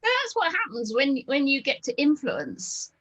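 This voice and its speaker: A woman's voice: sits high, wildly swooping pitch, measured pace, a bit bright, rough recording. A woman with a Northern English accent hosting a casual video-call chat, talking in an enthusiastic, rambling way with lots of ums. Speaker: host.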